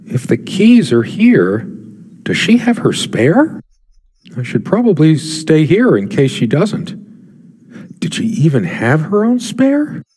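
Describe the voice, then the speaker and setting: An actor playing a brooding middle-aged husband, speaking a quiet, reflective inner monologue in a video game. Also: male voice, a little high, huge pitch swings, takes it slowly, husky, long reverb tail, exaggerated voice. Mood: worried.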